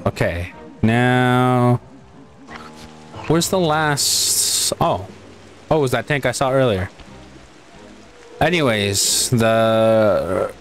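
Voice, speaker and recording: A male gaming host talks through his play in a slow, relaxed way and muses aloud as he goes. His voice sits at an ordinary middle pitch. Faint music runs under him. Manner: unhurried, casual, muses and restarts while playing. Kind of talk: let's play commentary.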